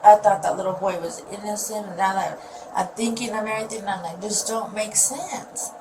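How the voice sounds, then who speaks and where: A woman's voice: medium pitch, fairly even intonation, fast. A mother being questioned by police, rambling and upset, often trailing off mid-sentence. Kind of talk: recorded police interview. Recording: distant mic with loud noise.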